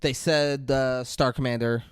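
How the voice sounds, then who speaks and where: A man co-hosting a podcast in casual chat, telling stories in an animated, profane way. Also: mid-range voice, unhurried, clean tone, no room sound, studio quality. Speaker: podcast co-host.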